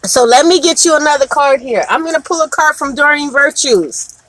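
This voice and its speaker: A woman's voice: high-pitched, normal speed, fairly bright tone, slight background noise. A woman doing a live oracle card reading, talking in an emphatic, repetitive way and often laughing. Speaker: card reader.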